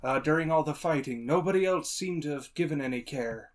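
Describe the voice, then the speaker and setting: A man plays a tabletop game and speaks partly in character. His voice sits a little high, and he pauses often with fillers as he works out his lines. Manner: halting, filler-heavy speech. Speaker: player. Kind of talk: casual tabletop play, in character.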